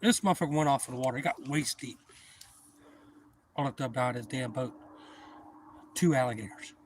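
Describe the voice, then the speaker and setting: A man hosting a livestream outdoors, telling a story to his chat in a loose, profane, animated way. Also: mid-range voice, normal speed, a little hiss or hum. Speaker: livestream host. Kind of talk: casual storytelling to live chat.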